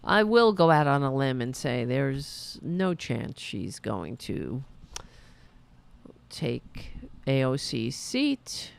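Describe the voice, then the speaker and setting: A woman hosting a political podcast, talking in a sarcastic, mocking way with quick asides. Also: a bass voice, big pitch swings, gravelly, clear, resonant tone. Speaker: podcast host.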